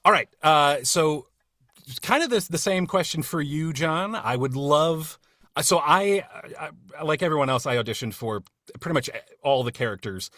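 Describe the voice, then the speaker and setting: A man's voice: fairly high pitch, expressive, normal speed, bright, forceful tone, no room sound. Chatty man with a dry close mic. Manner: friendly, rambling, many fillers and restarts. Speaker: cast member leading a retrospective discussion. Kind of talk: casual podcast chat.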